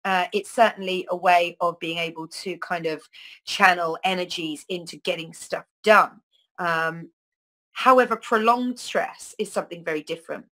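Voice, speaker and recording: On poor audio, a middle-aged wellness talk host chats informally to the camera, wandering through her thoughts with frequent ums and fresh starts. She speaks at normal speed in a lower voice that sounds pushed and bright.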